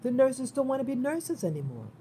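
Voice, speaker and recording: Vlogger: New woman, warm, mellow voice, concerned, rambling delivery with frequent restarts. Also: high-pitched, sing-song, a little fast, slight background noise. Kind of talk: casual spoken monologue.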